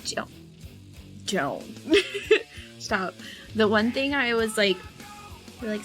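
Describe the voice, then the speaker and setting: A young woman, an art streamer, chats casually while drawing, with lots of fillers, giggles and squealed reactions. Her mid-range, slightly bright voice comes slowly with frequent pauses, over faint music on a rough recording.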